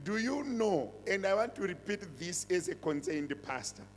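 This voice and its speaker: Emphatic pastor. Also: male voice, sits high, lively intonation, normal speed, slight background noise. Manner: emphatic, repeats phrases, switches between languages. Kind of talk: sermon and church announcements. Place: church hall. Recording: reverberant church hall.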